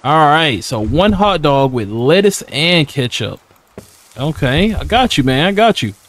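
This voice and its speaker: A man's voice: a little high, big pitch swings, a little slow, fairly bright tone. A young man casually commenting on a horror game as he plays, slangy and laughing often, talking back to the characters. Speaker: gaming YouTuber. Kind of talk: casual let's-play commentary.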